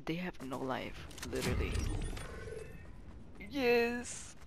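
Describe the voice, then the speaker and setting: A young woman gaming with a teammate, swearing often and swinging between tense whispers and panicked yelling. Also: deep voice, very animated, takes it slowly, creaky, noisy background. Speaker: gamer. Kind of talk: live gameplay chat with a teammate.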